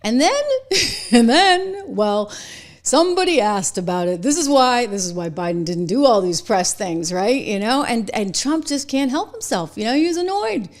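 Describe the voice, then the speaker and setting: Middle-aged lady host riffing on politics, chatty and animated, laughs a lot. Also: fairly high pitch, moderate pace. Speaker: political commentary show host. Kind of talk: casual political commentary.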